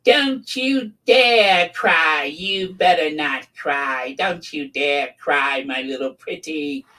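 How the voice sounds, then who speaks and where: A man doing an impression of a scolding middle-aged woman who talks like a cackling witch, drawing out slow, menacing taunts. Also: on the high side, big pitch swings, sharp tone, recorded from a distance, exaggerated voice. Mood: mocking.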